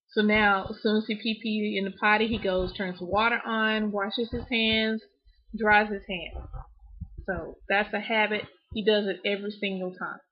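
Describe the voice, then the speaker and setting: A woman's voice: mid-range voice, slightly rough. A woman talking candidly to camera in a casual home vlog, chatty and open, with frequent restarts. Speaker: parent vlogger. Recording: dull lo-fi home recording.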